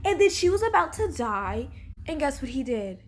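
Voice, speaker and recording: Young woman, casual vlog rant, profane, indignant, high voice, lively pitch. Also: moderate pace. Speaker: vlogger. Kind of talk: casual ranting monologue.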